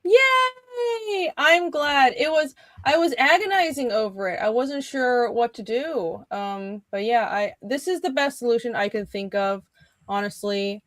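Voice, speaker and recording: A woman's voice: a little high, moderate pace, no room sound. A woman co-hosting a comics livestream, chatting casually in a rambling way that trails off and restarts. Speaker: co-host and comic artist.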